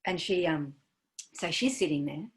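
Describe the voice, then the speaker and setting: A woman giving a dharma talk as a meditation teacher, gentle and searching, trailing off softly with many fillers. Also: sits low, animated, normal speed.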